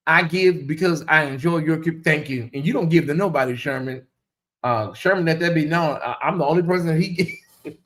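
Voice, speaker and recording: A man hosting a casual livestream, reading viewer comments aloud and stretching out questions slowly for effect. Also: on the high side, a bit bright. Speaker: livestream host.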